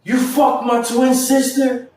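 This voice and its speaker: A man putting on a furious young woman shouting. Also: little pitch movement, takes it slowly. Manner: shouting, high-pitched, cursing. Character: furious young woman, the betrayed twin sister. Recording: roomy echo, mic far off.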